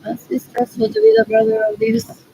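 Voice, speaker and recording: High raspy-fry lady vlogging, rambles on and on to herself. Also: big pitch swings, moderate pace, dark tone, a little hiss or hum, rough recording. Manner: repetitive, muttering to herself. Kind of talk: rambling solo monologue.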